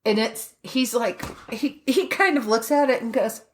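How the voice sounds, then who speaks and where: A woman co-hosting a podcast in casual chat, retelling a show with halting restarts. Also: fairly high pitch, slight background noise. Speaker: podcast co-host.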